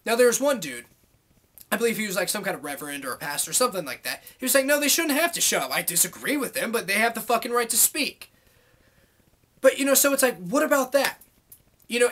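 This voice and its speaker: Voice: medium pitch, fairly bright tone. A vlogger delivering a heated, rambling monologue to camera, swearing constantly and full of filler words. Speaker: YouTube vlogger. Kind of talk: angry monologue rant to camera.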